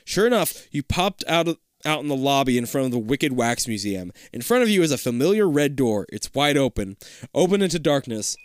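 Animated man reading a choose-your-path book aloud. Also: medium pitch, a little fast, clear, resonant tone, no echo, studio quality. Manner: animated, swearing, laughs and breaks off to joke.

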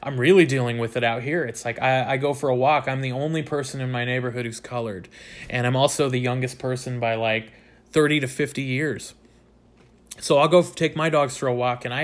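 A young man from the United States hosts his own show, recounting a personal story in a loose, candid monologue. He gets animated and swears freely as he retells it, in a voice of middling pitch. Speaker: podcast host.

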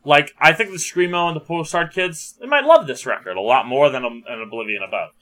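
On a music podcast, a young man chats casually and briskly, thinking out loud and hedging his opinions. His bright voice moves around a lot in pitch, giving him a lively feel.

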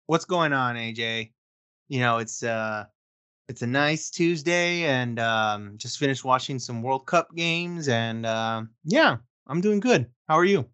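Male co-host, bright forceful tone, laid-back chatty delivery. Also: medium pitch, expressive, measured pace, smooth. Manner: laid-back, chatty, says dude and um often. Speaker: podcast co-host. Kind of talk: casual chat.

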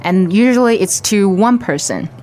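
A woman modelling phrases slowly and clearly as a co-teacher in a podcast lesson. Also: medium pitch, animated, mellow, faint music behind. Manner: slow, clearly enunciated. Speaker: language teacher. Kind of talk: slow model pronunciation.

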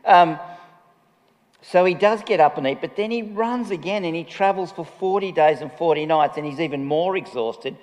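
A man's voice: fairly high pitch, moderate pace, a little mellow. A man preaching a chatty, humorous sermon, often laughing at himself. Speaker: pastor. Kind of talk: conversational sermon. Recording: long reverb of a large hall.

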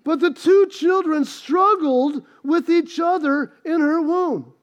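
High-voiced impassioned male preacher. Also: takes it slowly. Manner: impassioned, repetitive, storytelling. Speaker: pastor. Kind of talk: sermon.

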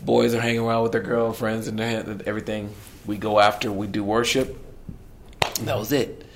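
A middle-aged man, a worship leader, telling his story in a podcast conversation, animated and acting out the voices he quotes. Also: lowish voice, fairly quick.

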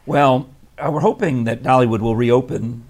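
A man's voice: mid-range voice, fairly even intonation, normal speed, a little mellow. Man, scratchy throat, rambling, casual co-host chat, laughs often. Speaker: radio show co-host. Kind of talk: casual morning-show chat.

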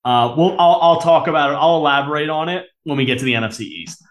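A man co-hosting a casual sports podcast, rambling and teasing his partner with deadpan insults and frequent laughs. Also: a little high, fast. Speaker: podcast co-host. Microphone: camera-facing podcast mic.

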